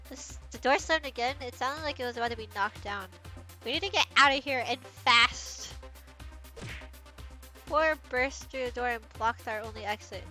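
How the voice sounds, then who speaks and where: A woman's voice: sits high, moderate pace, sharp tone, soft background music. A woman streamer reading all the parts of a comic fan dub, breaking into giggles often.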